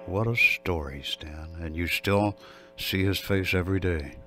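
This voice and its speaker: A man's voice: low-pitched, unhurried, sharp tone, slight background noise. A male radio host interviewing a guest, affirming his answers and summing up the story.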